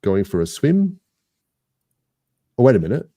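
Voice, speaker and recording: An Australian man with a very low, deep voice chats casually on a podcast. He rambles and jokes at his own expense. The sound is close and dry, with no room around it. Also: very animated, a little slow, warm tone, breathy edge, no room sound. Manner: jokey, rambling, self-mocking. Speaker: podcast co-host. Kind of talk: casual banter.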